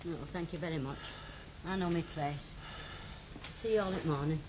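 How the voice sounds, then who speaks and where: An actress playing a blunt older aunt, full of tart dialect sayings. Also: female voice, sits low, fairly quick, background noise, close to an everyday voice. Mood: stiff. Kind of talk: radio drama.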